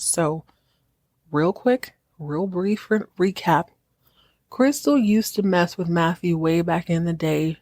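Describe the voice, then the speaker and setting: A woman podcast host gives a casual show recap, animated and full of jokes. Her voice sits on the low side, and the recording is dry and close to the mic. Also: no room sound. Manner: animated, joking storyteller.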